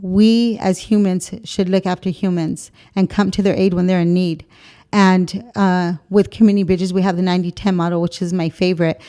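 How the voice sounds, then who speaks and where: A woman guest in an interview with a smooth, mellow, fairly low voice. She answers supportively and talks about her work, sometimes losing her thread. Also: fairly even intonation, moderate pace. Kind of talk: interview conversation.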